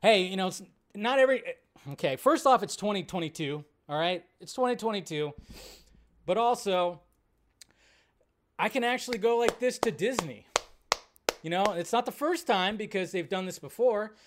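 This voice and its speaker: A man with a fairly high voice hosts a casual live show. He rambles, restarts his sentences and swears freely, and his rants grow loud and animated. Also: normal speed, long pauses, background noise. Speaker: host.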